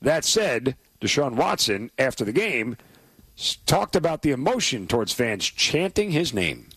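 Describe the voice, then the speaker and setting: Husky, animated sarcastic sports-talk man. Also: mid-range voice, measured pace, no echo. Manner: sarcastic, exasperated, stammers when worked up. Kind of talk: casual sports commentary chat.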